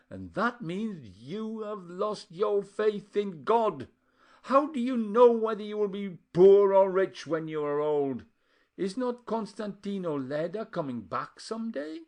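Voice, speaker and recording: A man voicing a fierce, pious elderly aunt who scolds in shrill, preaching outbursts. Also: expressive, measured pace. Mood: scolding.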